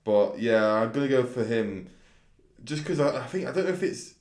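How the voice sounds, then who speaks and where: A man's voice: medium pitch, lively intonation, moderate pace, darkish tone. A man chatting casually about horse racing tips, thoughtful and a little hesitant. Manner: thoughtful, hesitant, repeats words. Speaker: racing tipster. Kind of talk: casual chat. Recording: echoey room.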